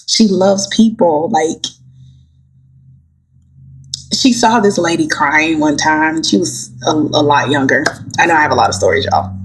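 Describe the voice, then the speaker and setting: A woman, a gospel singer, chatting as a guest and telling heartfelt stories with animated delivery. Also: low-pitched, moderate pace, a little hiss or hum. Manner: animated, heartfelt storyteller, addresses listeners as y'all. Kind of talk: casual interview chat.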